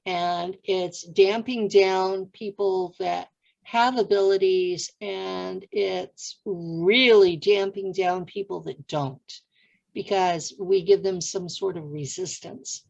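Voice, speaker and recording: Slow gravelly woman host. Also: mid-range voice, steady tone, highs cut off. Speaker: podcast host. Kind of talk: casual interview chat.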